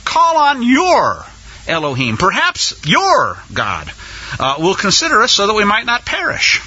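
Man doing a desperate ship captain, urgent, pleading, high husky voice, lo-fi recording. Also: huge pitch swings, measured pace, bright, forceful tone, exaggerated voice.

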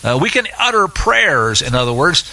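A man teaching through Scripture in an animated, sarcastic way, with many filler uhs. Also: fairly high pitch, moderate pace, low-quality recording. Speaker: Bible teacher. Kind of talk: expository Bible teaching.

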